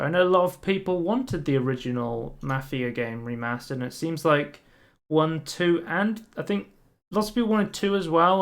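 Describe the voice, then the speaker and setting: A young man co-hosting a podcast, chatting casually and reading out game news with frequent ums. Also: a little high. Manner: relaxed, reads out news with many ums. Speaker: podcast co-host. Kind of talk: casual chat.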